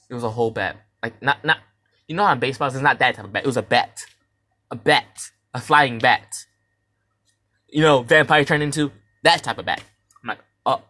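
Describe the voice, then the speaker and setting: At a moderate pace, a young man on his debut podcast rambles through a retelling of his dream, dropping slang and restarting lines. His performance of his own reactions swings sharply between loud, high cries and quiet muttering.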